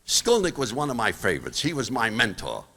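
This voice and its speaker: A man's voice: huge pitch swings, brisk, bright, forceful tone, slightly rough. An older man from Brooklyn, telling jokes on stage in punchy bursts. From Brooklyn, New York. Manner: punchy joke delivery with big swings of pitch. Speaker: comedian, stage performer. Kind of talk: stand-up storytelling on stage. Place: large high school auditorium. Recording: long reverb of an auditorium.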